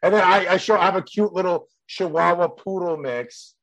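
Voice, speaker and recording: A man's voice: high voice, normal speed, creaky, crowd noise, low-quality recording. A young man with a Mexican accent, a stand-up comedian chatting bluntly and rambling, with lots of laughter and swearing. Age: young adult. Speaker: stand-up comedian, podcast guest. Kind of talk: casual chat.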